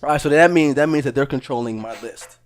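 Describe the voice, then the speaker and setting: A man co-hosting a relaxed podcast, pressing the others with skeptical questions. His voice sits at an ordinary middle pitch, and he talks in a loose, conversational way. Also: fast. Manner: skeptical, questioning, says "listen, bro". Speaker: podcast co-host. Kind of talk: casual chat.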